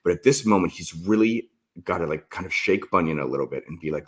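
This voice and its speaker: A man's voice: low voice, expressive, quick pace, slightly rough. A man, the author, talking earnestly and with feeling about his novel in an interview. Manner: earnest, heartfelt and reflective.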